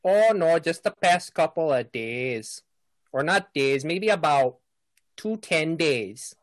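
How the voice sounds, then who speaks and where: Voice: medium pitch, lively intonation, slow pace, no room sound. A game master voicing a male fisherman villager who drawls, rambles and loses his train of thought in a tabletop game. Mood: folksy.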